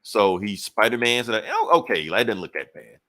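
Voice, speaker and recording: A low-voiced man talks through a comic book story in a loose, profane podcast chat. He jumps in and out of the characters' lines as he retells the plot. His delivery stays conversational and unscripted. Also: very animated, normal speed, pushed and bright. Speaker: podcast co-host. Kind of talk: casual comic book recap.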